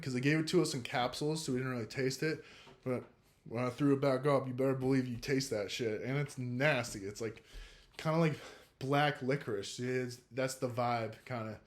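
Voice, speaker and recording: Young adult man, relaxed first-person storyteller, profane and filler-heavy delivery. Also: mid-range voice. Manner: laid-back, profane, heavy use of filler "like".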